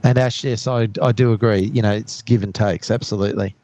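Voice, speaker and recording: A man's voice: fairly low pitch, steady tone, fairly quick, mellow, muffled recording. A man with an Australian accent, co-hosting an outdoor plane-spotting live stream, friendly and chatty as he greets viewers. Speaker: co-host reading live chat. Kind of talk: casual live stream chat. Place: outdoors at an airport.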